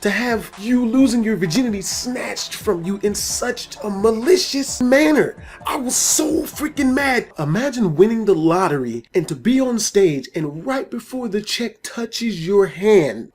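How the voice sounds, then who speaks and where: A man's voice: high voice, moderate pace, hardly any pauses, breathy edge. A man telling a personal story in a casual vlog, swearing often and acting out the scenes. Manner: profane, animated storytelling. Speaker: storytelling video host.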